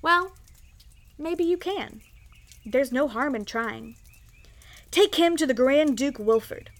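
Woman doing a loud blustering king. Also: sits high, expressive, slow, exaggerated voice. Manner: loud and commanding. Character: blustering impatient male king.

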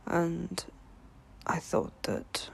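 A woman who is unwell, speaking in a low, gravelly, raspy voice while lying in bed, softly and partly in a whisper. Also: sing-song, slight background noise. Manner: soft-spoken, half-whispered, slow, with small laughs. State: unwell, voice hoarse. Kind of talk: intimate spoken audio.

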